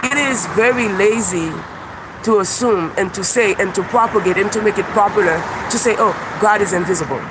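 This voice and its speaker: A man with a high voice rambles through a live-stream monologue outdoors. He is animated and profane, and he laughs at his own jokes. Loud traffic noise sits under everything he says. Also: moderate pace. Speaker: YouTube livestreamer and self-described comedian. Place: outdoors by a busy street with birds. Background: passing cars and birdsong.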